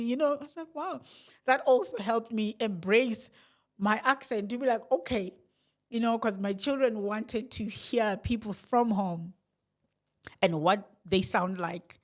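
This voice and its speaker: A middle-aged woman with a South African accent speaks straight to her viewers. Her talk is reflective and meandering, full of restarts, sighs and small laughs, at an ordinary mid pitch. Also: normal speed. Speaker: vlogger. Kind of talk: candid personal vlog monologue.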